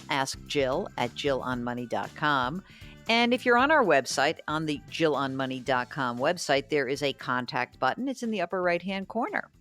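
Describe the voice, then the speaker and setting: Low-voiced woman hosting a money show. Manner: chatty, thinks aloud with restarts. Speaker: radio show host. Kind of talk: call-in money radio show.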